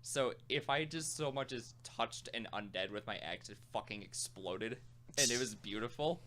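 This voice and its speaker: A man's voice: medium pitch, animated, normal speed, sharp tone, slight background noise. A man co-host chatting casually about a game, with dry, laid-back reactions. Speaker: podcast co-host. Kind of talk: casual chat.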